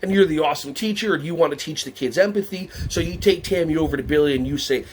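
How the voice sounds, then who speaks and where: An animated man presenting a workshop for teachers, his voice sitting slightly high. He questions the audience and jumps into playful voices when he acts out what others say. Faint ambience hums under the recording. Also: fast talker, hardly any pauses, a little hiss or hum. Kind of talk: lively teacher workshop talk.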